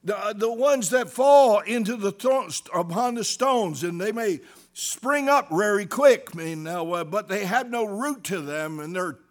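A middle-aged male pastor preaching a sermon, swinging between loud emphatic bursts and hushed asides, asking the congregation "amen?". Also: high-pitched, lively intonation, unhurried.

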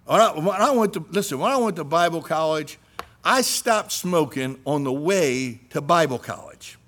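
High-voiced animated male preacher. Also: moderate pace. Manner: animated, swings from loud to hushed. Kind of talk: sermon.

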